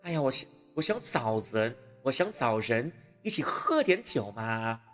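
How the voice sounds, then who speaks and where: A man's voice: medium pitch, very animated, normal speed, in a large hall, faint music behind, lightly acted. A man voicing an eager, clingy young man with a golden retriever temperament, whining and pleading for company. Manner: whiny, wheedling pleading.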